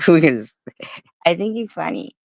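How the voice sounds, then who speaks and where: A woman's voice: fairly low pitch, sing-song, measured pace, gravelly. A woman reacting on a live stream, amused and laughing as she talks to her viewers. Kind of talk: casual reaction commentary.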